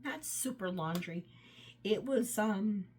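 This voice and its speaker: A woman's voice: medium pitch, animated, slow pace, a little mellow, slight background noise. A woman casually reviewing wax scents, rambling and enthusiastic, trailing off often, her voice tired and run down. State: voice tiring, run down. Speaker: home fragrance vlogger.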